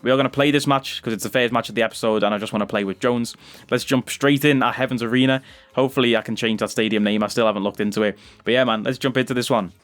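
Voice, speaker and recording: A man giving chatty gameplay commentary as a gaming YouTuber, bursting into loud cheers on goals. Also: medium pitch, steady tone, quick pace.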